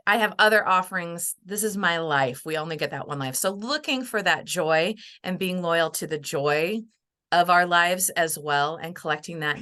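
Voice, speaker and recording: Middle-aged woman, podcast guest; bright, low-ish voice, sincere and reflective. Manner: earnest and heartfelt, acts out quoted voices. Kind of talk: reflective interview conversation.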